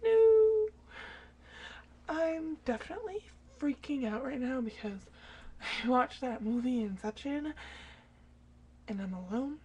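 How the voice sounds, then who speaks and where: A teenage girl chatting to her dog in front of a webcam at home late at night, often dropping to a hushed half-whisper and swearing casually. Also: a little high, unhurried, long pauses, breathy edge.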